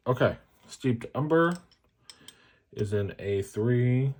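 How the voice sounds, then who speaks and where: Slow, low-voiced joking man. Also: lively intonation, a little mellow. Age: adult, a parent. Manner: jokey, self-mocking, chatty asides. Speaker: fountain pen ink reviewer. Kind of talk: casual chat to viewers while swatching inks.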